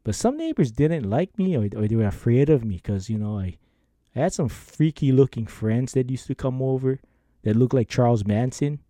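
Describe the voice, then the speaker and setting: A man hosts his podcast, rambling through stories and laughing as he goes. His pitch swoops up and down constantly, and his tone is dark and mellow. The recording is dry and close. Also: normal speed, no echo. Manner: rambling, animated, acts out quoted lines; laughs often. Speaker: podcast host. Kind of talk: casual storytelling monologue.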